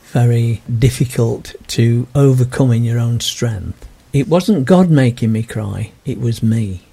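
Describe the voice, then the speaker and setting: An older man, telling his personal story in an interview in a gentle, earnest way. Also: medium pitch, slightly rough. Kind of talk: reflective personal testimony.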